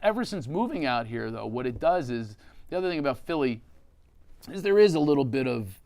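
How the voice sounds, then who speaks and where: A man from Philadelphia, a comedian, telling stories as a guest in a casual interview, animated and often laughing. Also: mid-range voice, fairly quick.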